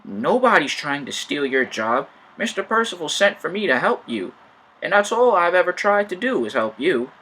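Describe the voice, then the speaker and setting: A man's voice: on the high side, sing-song, moderate pace, sharp tone, slightly rough, pitched above the performer's own voice, exaggerated voice, poor audio. A man voicing an earnest engine defending himself. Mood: indignant.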